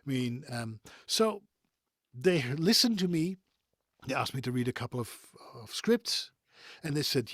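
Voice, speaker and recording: A man's voice: mid-range voice, animated, a little slow, fairly bright tone, no echo, clean studio sound. A middle-aged man from the Netherlands with a neutral European English accent, chatting as a voice-actor guest over a video call in a chatty, digressive way. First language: Dutch. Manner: chatty and digressive, chuckles between thoughts. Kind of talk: conversational interview.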